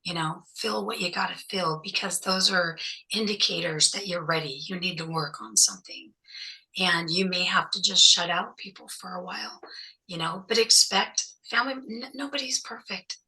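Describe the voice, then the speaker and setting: A woman's voice: fairly low pitch, normal speed, sharp tone, poor audio. A woman interview guest speaking as a survivor and activist, talking in an emphatic, encouraging way. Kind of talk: conversational interview advice.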